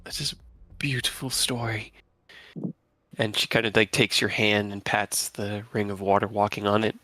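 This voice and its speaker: A man's voice: fairly low pitch, flat delivery, normal speed, sharp tone, no echo. A man narrating as game master in a tabletop game, loose and conversational with fillers.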